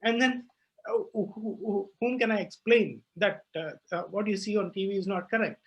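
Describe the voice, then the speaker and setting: A man's voice: high voice, fairly even intonation, normal speed, lo-fi sound. A young man speaking on a panel, passionate and emphatic, with many fillers and restarts. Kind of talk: panel discussion.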